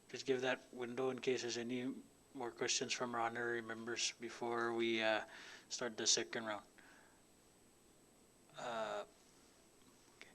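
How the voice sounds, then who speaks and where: A man serves as committee chairman at a legislative hearing, calling on speakers. His delivery is very flat. He sounds procedural and matter-of-fact. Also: mid-range voice, slight background noise.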